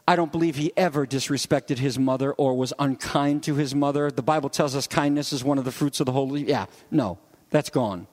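A man preaching a conversational sermon as a pastor, acting out quoted voices with lively shifts. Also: medium pitch, fairly quick, in a large hall.

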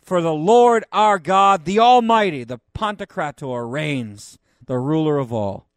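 A man, a pastor, teaching the Bible verse by verse in a conversational way, with joking asides and loud, emphatic readings of the scripture. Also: on the high side, expressive, a little slow, dry recording.

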